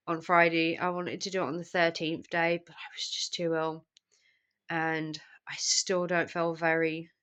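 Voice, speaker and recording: A young woman with a low voice talks to camera while she is sick with the flu. She sounds tired and drained, and she rambles with lots of ums. Her illness wears on her voice throughout. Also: fairly bright tone, clear, resonant tone. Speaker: vlogger. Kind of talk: casual catch-up vlog.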